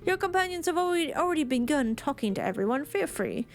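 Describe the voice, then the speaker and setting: A woman's voice: high voice, very animated, fast talker, faint music behind, pitched above the performer's own voice. A woman voicing a friendly island villager who welcomes a visitor, reading the dialogue aloud. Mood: welcoming.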